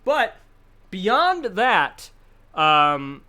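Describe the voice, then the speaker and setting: A man's voice: high-pitched, huge pitch swings, very slow, sharp tone. A man co-hosting a charity stream, chatting casually and laughing often. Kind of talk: casual chat.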